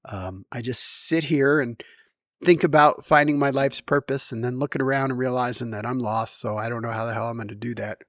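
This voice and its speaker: A man's voice: mid-range voice, fairly even intonation, a little fast, a bit bright, dry recording, studio quality. A middle-aged man musing at home in a rambling, wry, self-deprecating monologue. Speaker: vlogger.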